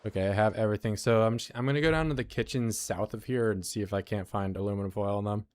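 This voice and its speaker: A man's voice: fairly low pitch, quick pace, a little mellow, no room sound. An American man giving casual, joking commentary to his chat while he plays a video game. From United States. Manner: chatty, joking, talking to chat while playing. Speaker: game streamer.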